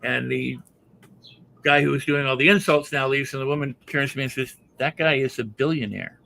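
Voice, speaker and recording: Bright-toned male host, reflective and chatty. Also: mid-range voice, vocal fry, rough recording. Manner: conversational, reflective, halting restarts. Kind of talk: casual interview chat.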